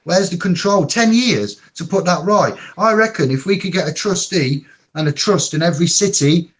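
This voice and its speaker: A man's voice: high-pitched, lively intonation, moderate pace. A man on a panel talk, emotional and rambling, swearing now and then. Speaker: panel guest. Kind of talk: impassioned panel chat.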